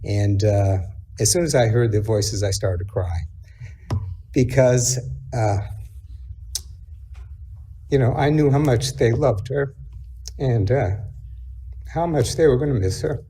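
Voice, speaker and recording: A middle-aged man speaking at his mother's memorial service, reflective and halting, with many pauses and fillers. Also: medium pitch, warm tone, a little hiss or hum. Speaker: eulogy speaker, son. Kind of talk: memorial eulogy.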